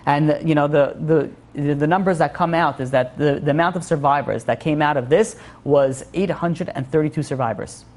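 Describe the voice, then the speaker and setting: A man's voice: on the high side, normal speed, hardly any pauses. A male rabbi giving an informal class, earnest and repeating his phrases for emphasis.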